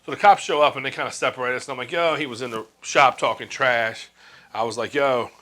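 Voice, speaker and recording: A man's voice: medium pitch, fast talker, pushed and bright. A man in his forties telling a casual story from his years as a tattoo artist, swearing freely and acting out what others said. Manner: laid-back, swears freely, acts out quoted lines.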